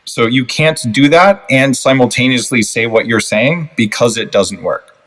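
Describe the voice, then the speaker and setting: A man's voice: mid-range voice, moderate pace, a bit bright. A man hosting a podcast interview who speaks directly and bluntly and cuts in to correct his guest. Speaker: podcast host. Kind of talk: interview conversation.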